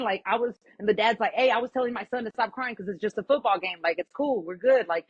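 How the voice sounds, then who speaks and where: A woman guest telling a story in casual chat, animated and full of "like", acting out what others said. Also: mid-range voice, fast, few pauses, breathy edge, no echo, highs cut off. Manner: animated, acts out quoted voices, lots of "like". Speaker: podcast guest.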